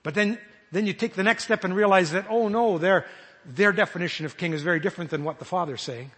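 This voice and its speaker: The preacher's high, husky voice is a bit bright, and he talks a little fast yet leaves long pauses. He searches earnestly through imagined prayers, stumbling and restarting, while a large hall's reverb lingers on each word.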